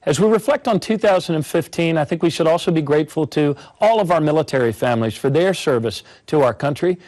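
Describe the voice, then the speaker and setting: A man's voice: fairly high pitch, expressive, fast, a little mellow, poor audio. A man, a former governor, reading an earnest holiday greeting.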